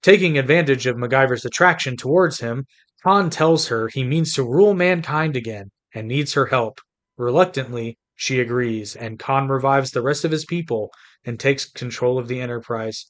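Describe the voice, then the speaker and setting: A man's voice: mid-range voice, normal speed, a bit bright. A man from the United States co-hosting a podcast in casual chat, chatty and rambling with frequent restarts. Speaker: podcast co-host.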